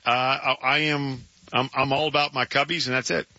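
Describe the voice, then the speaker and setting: A man's voice: mid-range voice, little pitch movement, normal speed, sharp tone, dry recording. A man co-hosting sports radio in casual banter, emphatic, with stammering restarts. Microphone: studio microphone. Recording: dry, slightly dull radio studio sound.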